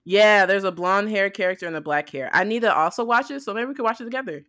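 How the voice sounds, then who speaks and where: A woman co-hosting a podcast, talking casually about anime in an animated, rambling way. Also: medium pitch, fast talker. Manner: chatty, animated, rambling with fillers like "like". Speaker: podcast co-host.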